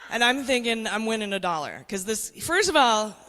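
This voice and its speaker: Brash woman stand-up in her 40s, bright edge, hall reverb on a handheld mic. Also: fairly high pitch, very animated, moderate pace. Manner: brash, conspiratorial, addresses the crowd. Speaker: stand-up comedian. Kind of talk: stand-up comedy set.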